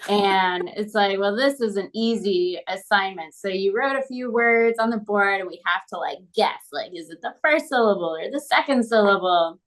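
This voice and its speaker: A woman's voice: medium pitch, normal speed, few pauses. A woman talking casually about a lesson she had as a student, with many fillers. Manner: chatty, full of fillers like "like" and "um". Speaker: former student. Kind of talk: casual conversation.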